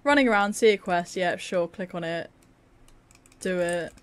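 A woman's voice: medium pitch, moderate pace. A tired young woman giving casual, sarcastic, self-mocking commentary over her gameplay. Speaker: gaming video creator.

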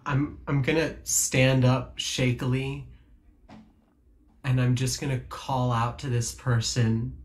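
A man's voice: mid-range voice, little pitch movement. Stammering man player, faint background noise. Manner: halting, stammering in character. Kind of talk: playing a tabletop game.

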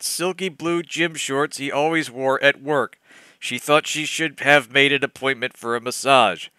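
Bright-voiced man reading with laughing asides. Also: medium pitch, no room sound. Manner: laughing, exasperated commentary. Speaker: let's play host reading a bad novel. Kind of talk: comedic reading aloud with asides to chat.

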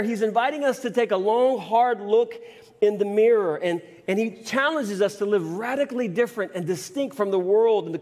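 Pastor guy preaching in a church, kinda high voice, lots of repeats n restarts, big echoey hall. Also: a little mellow. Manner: storytelling with frequent word repeats and restarts. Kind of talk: sermon. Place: church sanctuary.

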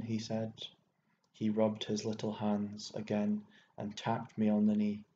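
A male narrator reads a story in a measured, even way, his voice flat and mellow. The recording sounds roomy and dull, with a faint hiss underneath. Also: on the low side. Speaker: audiobook narrator. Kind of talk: scripted narration.

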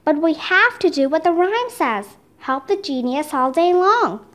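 A woman's voice: very high voice, expressive, measured pace, fairly bright tone, heavily acted. A woman voicing a cheerful, eager young girl who speaks encouragingly in a children's storybook reading. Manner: upbeat, encouraging. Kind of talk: reading a children's book aloud.

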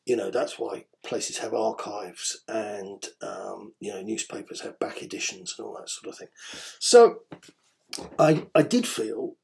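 A man's voice: on the low side, lively intonation, measured pace, gravelly, darkish tone. A man hosting a daily podcast, talking in a rambling, hesitant way full of ums, with a wry tone. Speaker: podcast host. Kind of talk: casual spoken commentary.

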